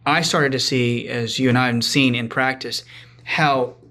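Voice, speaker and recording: A man's voice: medium pitch, steady tone, unhurried, pushed and bright, a little hiss or hum. A man guesting on a podcast, telling a story casually and chattily, with frequent restarts and asides.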